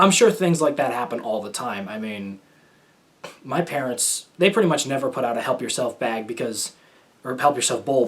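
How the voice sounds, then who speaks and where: A young American man hosts his own talk show and tells stories in a loose, rambling way. He hesitates and restarts his sentences often, his pitch sits in the middle range, and his tone stays casual. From United States. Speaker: host. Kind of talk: casual solo storytelling.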